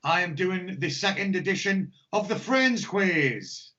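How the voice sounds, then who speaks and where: An English man rambles and jokes his way through a podcast chat. His voice sits a little high and he swears freely. The audio is dull and lo-fi. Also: expressive, a little slow, sharp tone. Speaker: podcast co-host. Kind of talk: casual chat.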